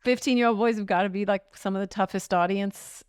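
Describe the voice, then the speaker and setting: A woman podcast host chatting casually, reacting with quick interjections. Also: mid-range voice, fairly even intonation, clear, resonant tone, no room sound, studio quality. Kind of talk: casual chat.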